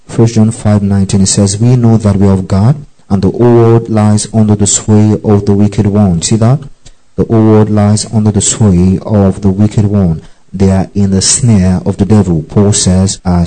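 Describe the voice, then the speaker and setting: A male preacher with a very dark, low voice teaches scripture, repeating key phrases and spelling words out. He keeps checking that his listeners follow along. His delivery is steady and deliberate. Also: low-quality recording. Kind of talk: Bible teaching.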